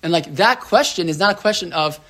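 A male rabbi leads a relaxed Torah class, talking the way people talk in a room. He keeps asking his listeners "right?" and restarts his sentences. He drops Hebrew terms into his English. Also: high-pitched, fairly quick. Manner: chatty, asks the room "right?", lots of restarts and "like".

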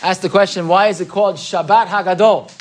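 Against a noisy background, a high-pitched male Torah teacher gives a casual, talkative lecture. He checks in with "right?" again and again and voices the characters in his stories.

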